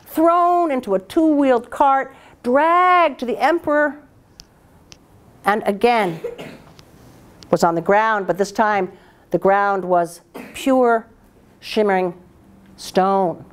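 A woman storyteller telling a folktale aloud in a dramatic, expressive way, with voiced sound effects. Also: on the high side, slow pace, long pauses, a little hiss or hum.

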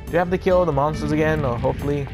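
A man's voice: on the high side, racing. A man casually commenting on his own gameplay, swearing constantly in frustration and muttering to himself as he plays. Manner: mutters to himself while playing. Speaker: let's play gamer. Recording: loud game music behind the voice. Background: loud game music.

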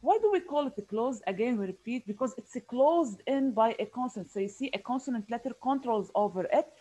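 A woman, her voice sitting a touch high, leads a phonics class over a video call. She explains slowly and patiently, repeating each key word and pausing on small fillers. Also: expressive, warm tone, rough recording. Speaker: teacher. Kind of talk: online phonics lesson.

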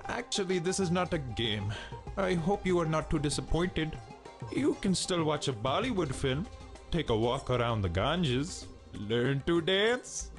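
Game voice: a haughty program, high, wildly swooping. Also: male voice, very animated, unhurried. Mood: announcing. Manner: haughty, dramatic. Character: snippy male program. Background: game music.

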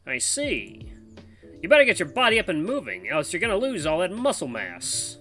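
A man voicing an energetic, bossy male tiger friend in a visual novel game, chummy and brisk. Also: high-pitched, faint music behind, voice pushed up, heavily acted. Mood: chiding. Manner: brisk, chummy, calls people lad and mates.

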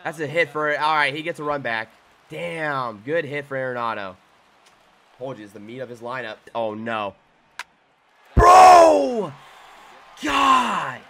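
A young man giving live gameplay commentary, muttering to himself one moment and shouting in excitement the next. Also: mid-range voice, normal speed. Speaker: gaming YouTuber.

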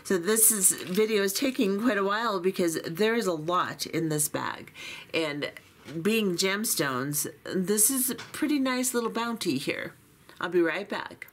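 A woman's voice: mid-range voice, animated, measured pace, slight background noise. A woman hosting a beading channel, chatting casually through an unboxing in a chatty, self-deprecating way with many fillers. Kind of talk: unboxing walkthrough, casual chat.

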